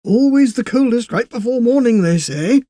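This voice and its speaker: A man's voice: very high-pitched, animated, normal speed, warm tone, dry recording, voice pushed up. A man voicing a stout station master in his sixties, speaking formally and dryly. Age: 60s. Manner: dry, formal and unruffled. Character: old stout railway station master, dry, unflappable.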